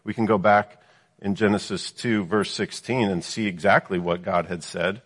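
A man with a low, slightly husky voice teaches from scripture, reading each verse and then unpacking it. He keeps checking in with his listeners through rhetorical questions. His voice carries a long reverb, as if spoken in a large hall. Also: fairly even intonation, moderate pace. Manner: reads scripture then explains it, with frequent rhetorical "right?" questions. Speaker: preacher. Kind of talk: Bible teaching sermon.

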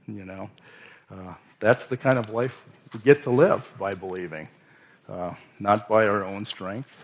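Man, informal sermon, low voice, halting, dull lo-fi recording. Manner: halting, many restarts and fillers. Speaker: lay speaker.

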